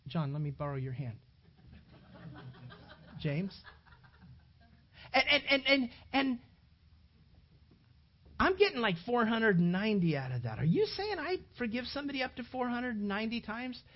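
A pastor preaching a sermon to a congregation in a church, emphatic and animated, speaking straight to the listeners. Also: medium pitch, normal speed, long pauses, highs cut off.

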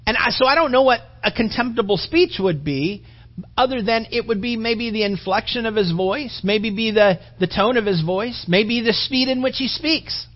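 A man's voice: very high-pitched, normal speed. A male pastor giving a joking, rambling conversational sermon in a dull recording. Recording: dull lo-fi sound.

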